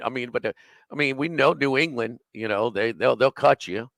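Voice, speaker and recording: A man's voice: medium pitch, normal speed, creaky, a bit bright, no room sound. A man co-hosting a live sports radio show, chatting casually and rambling with lots of fillers and restarts. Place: restaurant, live remote broadcast.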